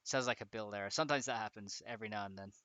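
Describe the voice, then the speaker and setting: Racing along in a lowish, bright, forceful voice, a young streamer gives casual commentary while fixing a game mod. He alternates between muttering through the troubleshooting and chatting with his viewers, with no echo in the recording.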